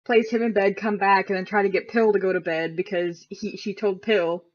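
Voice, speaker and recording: A woman's voice: medium pitch, steady tone, moderate pace, highs cut off. A woman playing a tabletop role-playing game, laughing a lot and describing and quoting her character. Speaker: player. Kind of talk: tabletop role-play chat.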